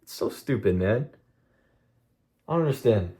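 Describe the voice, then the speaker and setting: A man's voice: lowish voice, lively intonation, a little slow, warm tone. A young man streaming a blunt, profane monologue to his chat, venting intensely about discipline and cutting things out. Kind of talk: casual vlog monologue to chat.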